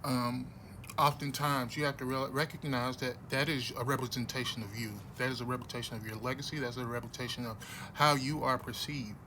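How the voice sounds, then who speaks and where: A man talking bluntly and casually to camera in a rambling monologue, with many restarts, growing louder and heated at times. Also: mid-range voice, steady tone, a little fast, slight background noise. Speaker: vlogger.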